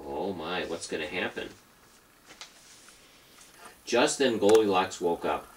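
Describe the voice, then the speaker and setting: A father reading a children's story aloud to his baby at home, gentle and playful. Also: low-pitched, animated, slow, a little hiss or hum.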